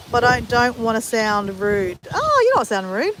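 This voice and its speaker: An Australian woman talks off the cuff to viewers of her live stream, drifting between thoughts and teasing herself. Her voice sits at an ordinary middle pitch. A faint wash of outdoor life, animals and the odd passing vehicle, hums behind her. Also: very animated, normal speed, fairly bright tone, a little hiss or hum. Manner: chatty, rambling, self-deprecating.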